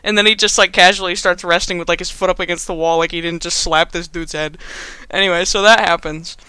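Bright, high-voiced young man rambling. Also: fairly even intonation, brisk, clean tone, dry recording. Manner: rambling, filler-heavy, amused. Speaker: host. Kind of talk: casual comedic movie recap.

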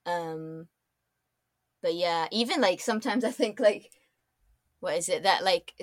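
A woman's voice: on the low side, measured pace, dry recording. A young woman with a Scottish accent, a podcast guest chatting casually and rambling through many fillers and restarts. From Scotland. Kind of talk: casual chat.

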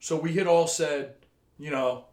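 A man with a fairly high voice co-hosts a casual podcast chat, and his heated, swearing rants spill out as stories. The recording carries a roomy echo. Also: steady tone, unhurried, darkish tone. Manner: heated, swearing rant storytelling. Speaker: podcast co-host.

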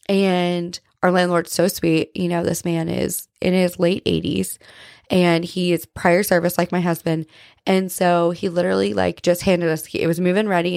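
A woman hosts a faith podcast in a chatty, confessional way, full of "like" and "right?". Her voice sits low with a gravelly, fry-tinged edge. The sound is close and dry, with no room around it. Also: no echo. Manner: earnest, confessional. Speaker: podcast host. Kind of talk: casual faith talk.

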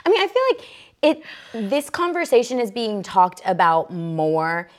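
A young woman co-hosting a podcast, telling stories in casual chat, swearing and halting with fillers. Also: mid-range voice, sing-song. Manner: chatty storyteller, profane, halting with fillers. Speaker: podcast co-host.

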